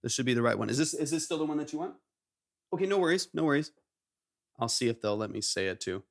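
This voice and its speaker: Gravelly-voiced man hosting a live stream. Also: mid-range voice, animated. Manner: upbeat, quick to praise. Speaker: live stream host reviewing music submissions. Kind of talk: casual live stream chat.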